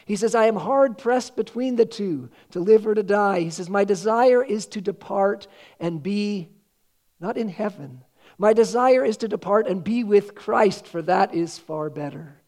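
A man's voice: high voice, unhurried, darkish tone. A man preaching a sermon, earnest and quoting scripture with rising emphasis. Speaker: pastor.

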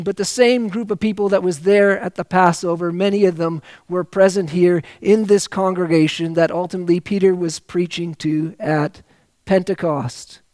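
A man preaching a sermon, reading scripture aloud and rising to loud, slowed emphasis on key phrases. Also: sits high, no echo.

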